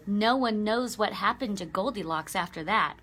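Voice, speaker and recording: Woman children's librarian, slow, bright storytime reader, expressive. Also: mid-range voice. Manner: animated, expressive, asks children questions. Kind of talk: reading a picture book aloud to children.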